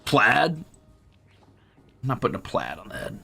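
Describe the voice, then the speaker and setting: A man's voice: fairly low pitch, wildly swooping pitch, normal speed, creaky, pushed and bright, husky, soft background music. A man streaming while he draws, chatting casually and rambling, muttering to himself and teasing his cat. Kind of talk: casual chat while drawing.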